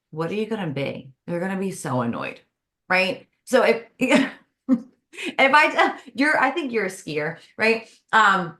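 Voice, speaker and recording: A woman speaks as a podcast guest, offering conversational advice on stress. She talks with lively energy and slips into acting out little everyday exchanges to make her points. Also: medium pitch, a little slow. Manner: lively, acts out everyday dialogue.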